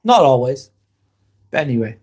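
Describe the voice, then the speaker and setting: A man's voice: mid-range voice, very animated, normal speed, a little mellow, husky. A man hosting a casual live stream, reading viewer comments aloud, calling people mate and standing firm with trolls.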